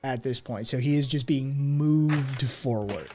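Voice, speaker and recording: A male game master narrates a tabletop session, painting the scene slowly and deliberately. He pauses often, using fillers as he works out the details, with faint music underneath. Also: medium pitch, warm tone. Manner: unhurried, descriptive, with fillers.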